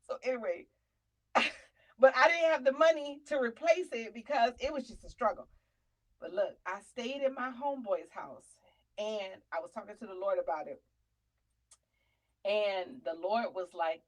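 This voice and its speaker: A woman comedian and show host telling a funny personal story, chatty and animated, calling listeners honey and slipping into faith testimony. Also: on the high side, moderate pace, low-quality recording. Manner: testimony-style preaching about faith.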